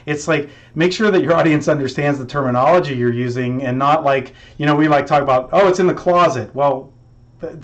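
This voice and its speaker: A man hosting a podcast interview, talking in a lively, chatty way and often restarting his sentences. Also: mid-range voice, a little fast. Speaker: podcast host. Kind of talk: casual interview talk. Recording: dull lo-fi sound.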